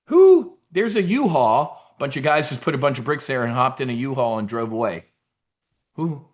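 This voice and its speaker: A man's voice: mid-range voice, a little fast. A middle-aged man hosting a live investing briefing, talking casually with blunt, swearing asides and rambling restarts.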